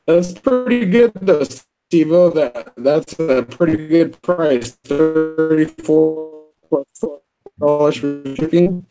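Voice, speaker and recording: A man's voice: on the high side, takes it slowly, over loud music, low-quality recording. A man co-hosting a casual livestream chat, easygoing and joking, sleepy and yawning from little sleep. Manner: easygoing, joking, laughs often. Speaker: co-host of a livestream show.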